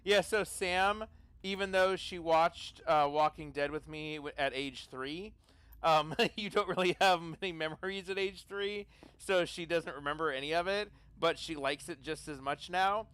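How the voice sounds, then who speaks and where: A man's voice: on the high side, moderate pace, a bit bright, smooth, no echo. A man playing in an online tabletop game, chatting and telling rambling stories between turns. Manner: rambling anecdotal storyteller. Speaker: player. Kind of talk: casual chat during a tabletop game.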